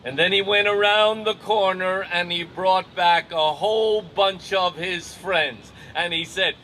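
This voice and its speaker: An older man from Ireland with an Irish accent, telling a personal story in a measured, wry, deliberate way. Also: sits high, steady tone, sharp tone, a little hiss or hum, poor audio.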